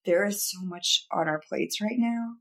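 A woman co-hosting a podcast, telling funny stories about her life in casual chat. She talks in an animated, self-mocking way and laughs as she goes. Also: medium pitch, unhurried, vocal fry. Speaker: podcast co-host, photographer.

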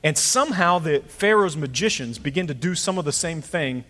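A middle-aged male pastor delivering a sermon, his voice sitting a little higher than most men's. He talks in a loose, conversational way and slips into quick voices for the people in his stories. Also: expressive, bright, forceful tone, long reverb tail. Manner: conversational, storytelling preacher acting out voices.

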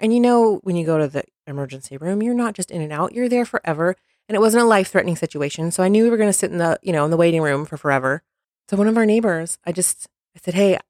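Chatty woman with a lowish voice. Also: dry recording, studio quality. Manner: chatty and animated, laughs often. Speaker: podcast co-host. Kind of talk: casual conversational advice.

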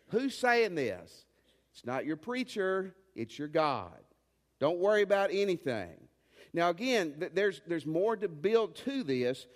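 High-voiced preacher in a reverberant hall. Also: male voice. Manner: emphatic preaching with rising commands and folksy asides. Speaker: pastor. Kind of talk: sermon. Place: church.

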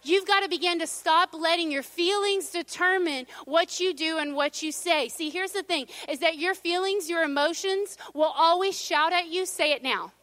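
A middle-aged woman preaching a sermon, conversational and humorous, dropping to a hush at times. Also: extremely high pitch, moderate pace, hardly any pauses, no room sound. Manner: conversational, humorous, drops to a hush for God's whisper. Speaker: pastor.

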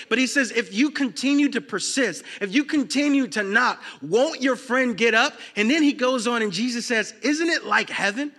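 A man preaching a sermon to his congregation, telling funny stories with shouted bursts, then dropping low and soft for serious points. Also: normal speed, few pauses. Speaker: pastor.

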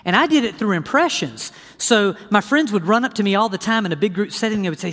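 Animated preacher man in a reverberant hall. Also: high voice, fast talker, few pauses. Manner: animated storytelling, addresses audience directly. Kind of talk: sermon testimony.

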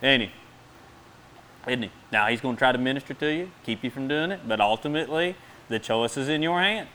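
A middle-aged man preaching a sermon in a fast, folksy way, with bursts of emphasis between quick asides. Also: medium pitch, pushed and bright.

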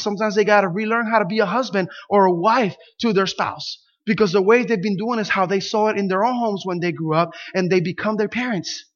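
Pastor, male, Spanish speaker, high voice, animated storyteller, lo-fi recording. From Puerto Rico. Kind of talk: sermon with a personal story. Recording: dull lo-fi sound.

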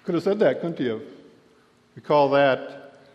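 A pastor preaching a sermon, telling the story and voicing the people in it with a raised voice. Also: male voice, fairly high pitch, lively intonation, measured pace. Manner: storytelling, acts out quotes with raised voice. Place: church sanctuary. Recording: dull lo-fi church recording with long reverb.

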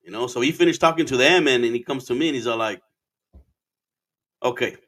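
Arizona guy in his 30s rambling thru a story, cussing a lot, mixing in spanish, normal pitch. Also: rapid-fire, fairly bright tone. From Arizona, USA. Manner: rambling, profane, switches into Spanish phrases. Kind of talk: casual storytelling monologue.

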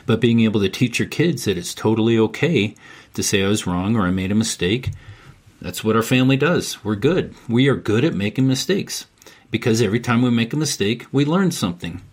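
Men's coach guest, middle-aged, husky and low, emphatic teacher in a talk setting. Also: male voice, animated, brisk. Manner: emphatic and instructive, repeats key phrases. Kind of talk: casual conversation.

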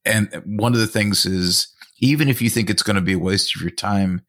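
A man's voice: lowish voice, normal speed, fairly bright tone. A man interviewing a guest, posing thoughtful questions and restarting phrases as he goes. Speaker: interviewer, college professor.

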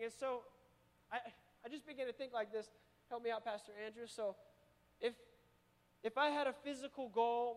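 High-pitched pastor guy preaching, lively, big echoey church hall. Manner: energetic, calls on the congregation to repeat. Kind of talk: sermon. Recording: long reverb of a church hall.

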